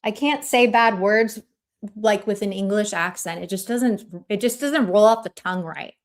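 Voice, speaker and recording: A woman's voice: medium pitch, moderate pace. A woman hosting a livestream, ranting in casual chat in a blunt, profane and combative way. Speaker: livestream host.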